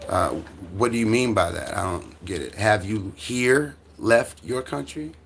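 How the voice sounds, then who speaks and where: This middle-aged man from the US has a lowish, creaky, fairly bright voice that sounds animated yet unhurried, with a little hiss or hum in the audio. At home with his dog, he hosts a casual livestream, reading chat and rambling through replies with stammers, restarts and laughter.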